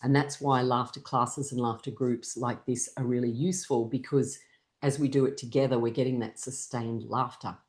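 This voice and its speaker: A laughter class leader in a mid-pitched voice, calmly talking listeners through a morning laughter routine. Each step is spelled out gently, with an open invitation to copy along. Soft fillers slip in here and there as the instructions unfold. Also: normal speed. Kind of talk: guided laughter exercise class.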